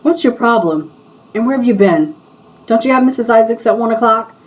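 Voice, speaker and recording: A prying, mocking hairdresser voiced by a woman reading her novel, pitched up higher and louder than the narration. She needles with question after question. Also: animated, fairly quick, far from the mic, natural voice. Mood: needling. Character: sharp-tongued nosy woman hairdresser, teasing.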